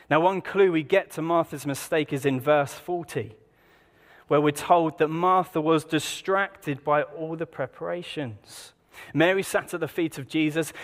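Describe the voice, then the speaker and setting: A man preaching in a relaxed, conversational way, fairly high in pitch, often turning to the congregation with rhetorical questions. His voice carries a long reverb, as in a large church hall. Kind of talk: sermon.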